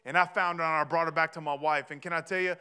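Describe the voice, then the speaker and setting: A man, preaching a sermon in a chatty, storytelling way that rises to shouts. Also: fairly high pitch, steady tone, quick pace, clean tone. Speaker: pastor.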